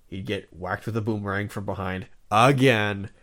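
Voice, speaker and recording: A man co-hosts a podcast, chatting casually and meandering, with lots of fillers and restarts. His voice is fairly low and fairly bright in tone, at a normal speed.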